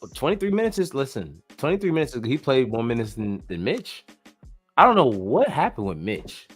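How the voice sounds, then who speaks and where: Animated joking man in sports chat. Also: medium pitch, fairly quick, husky, faint music behind. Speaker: podcast host.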